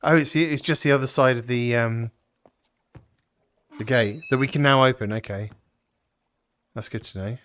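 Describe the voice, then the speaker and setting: An excited man talks his viewers through a VR puzzle game, reacting and thinking aloud as he explores. His voice sits at an ordinary middle pitch and stays casual and chatty. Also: moderate pace, pauses often. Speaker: gaming channel host. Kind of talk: VR puzzle game playthrough commentary.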